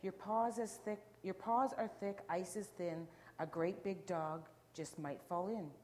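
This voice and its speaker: A woman reading a picture book aloud, voicing the family's youngest girl, cheeky and unafraid, with a low voice and sing-song rhymes. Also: steady tone, unhurried, a little mellow, natural voice. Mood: teasing.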